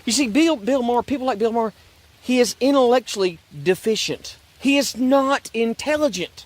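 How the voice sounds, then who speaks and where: A man's voice: extremely high pitch, normal speed. A man ranting in a sarcastic, repetitive way about religion and politics, rambling and restarting his sentences. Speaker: online commentator.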